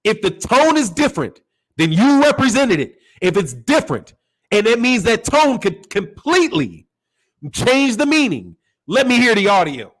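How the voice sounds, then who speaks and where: A man hosting a boxing channel, giving animated, profane opinion commentary and acting out quoted voices. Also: high voice, moderate pace, poor audio. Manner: animated, acts out quoted voices, curses freely.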